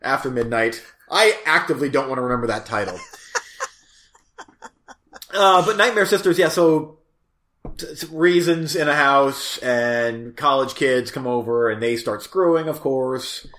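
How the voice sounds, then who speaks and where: Man host, slow rambling casual chat, fillers and restarts, echoey room. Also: mid-range voice, animated, fairly bright tone. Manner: rambling, halting, many fillers and self-corrections. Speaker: host reviewing movies.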